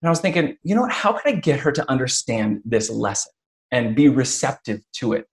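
A man hosting a casual interview who tells stories with energy. He slips into other people's voices as he retells what they said, with quick restarts and plenty of "you know.". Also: mid-range voice. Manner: animated storyteller, acts out quotes. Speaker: podcast host.

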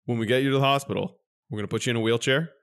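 A man co-hosting a podcast, telling a story in casual chat and jumping up in pitch when he acts out his exasperation. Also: rapid-fire, smooth. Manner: animated storyteller, jumps high when mimicking exasperation. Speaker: podcast co-host.

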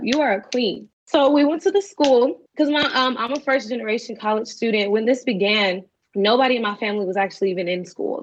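A young woman in her twenties, an interview guest telling her story in an animated way and acting out the voices of others. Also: medium pitch. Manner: animated, acts out quoted voices. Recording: dull lo-fi recording.

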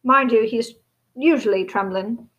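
A woman's voice: on the high side, a little slow, fairly bright tone, lo-fi sound. A huge, good-natured man speaks in blunt, homely phrases, as a woman reads him. He keeps it short and plain. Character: huge gruff male groundskeeper giant.

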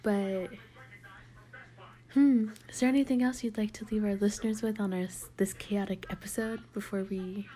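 A woman's voice: mid-range voice, normal speed. A young woman chats on a casual podcast, telling crude, candid stories with plenty of energy. Her voice sits in a middle register. She swings between joking asides and blunt opinions. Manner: candid, crude, animated storyteller. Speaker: podcast co-host.

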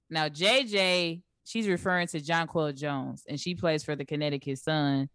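A young woman co-hosting a casual sports chat show, laughing often and walking through stats in relaxed slangy talk. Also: deep voice, normal speed, few pauses, smooth, dry recording, clean studio sound. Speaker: co-host.

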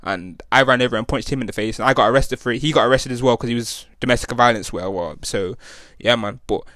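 A young man rattles through a personal story at a quick clip. His talk is slangy and rambling, with plenty of restarts and tag questions. The sound is dry and close, with no room around it. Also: medium pitch, a bit bright, no room sound. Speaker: podcast host. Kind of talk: casual storytelling monologue.

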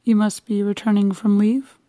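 A woman's voice: medium pitch, little pitch movement, moderate pace, warm tone, no room sound, natural voice. A woman reading the lines of a cold, formal husband who speaks in a dry, bantering, precise way. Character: cold, formal middle-aged husband, a government official.

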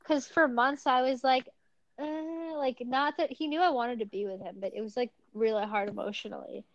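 Soft-spoken young woman on dull audio. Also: sits high, moderate pace, no echo. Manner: soft-spoken, trailing off, lots of "like". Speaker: podcast co-host. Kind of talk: casual chat.

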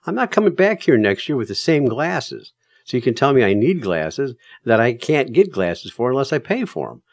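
A man's voice: mid-range voice, very animated, normal speed, no room sound, clean studio sound. A man giving casual, emphatic advice to drivers, telling stories in a plain-spoken way with plenty of fillers.

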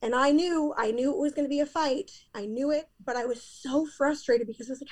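A woman's voice: sits high, brisk, hardly any pauses, darkish tone. A woman in her thirties, a podcast guest, telling a painful personal story in a candid, emphatic way.

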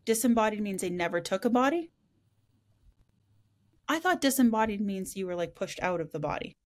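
A woman's voice: medium pitch, lively intonation, a little fast. A woman hosting a casual spiritual podcast, talking frankly, swearing now and then and laughing easily. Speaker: podcast host.

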